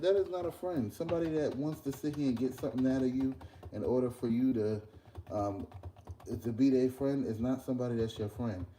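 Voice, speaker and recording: A young man, chatting casually in a vlog while cooking breakfast at work, telling an animated story. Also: mid-range voice, a little hiss or hum. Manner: animated ranting storyteller, loose and conversational. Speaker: vlogger and podcast host. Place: workplace kitchen.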